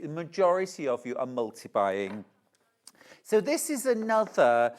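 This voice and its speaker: A woman presenting on a live shopping channel, gushing and chatty as she shows products and reads out viewer messages. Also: fairly low pitch.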